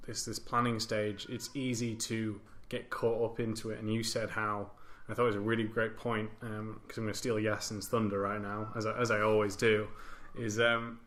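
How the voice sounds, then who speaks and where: A man's voice: fairly low pitch, fairly bright tone. A man hosting a casual podcast discussion, chatty and informal with a self-deprecating touch. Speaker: podcast host.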